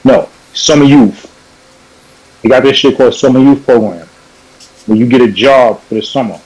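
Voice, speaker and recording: A man's voice: medium pitch, normal speed, darkish tone, low-quality recording. Rambling panelist man from New York. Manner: rambling, self-correcting storyteller. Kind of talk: casual chat. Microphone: video call.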